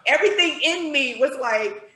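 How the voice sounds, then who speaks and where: A woman in her forties, a podcast guest, telling a personal story with animation, acting out her own thoughts in a higher voice. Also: animated, normal speed, sharp tone, echoey room, rough recording.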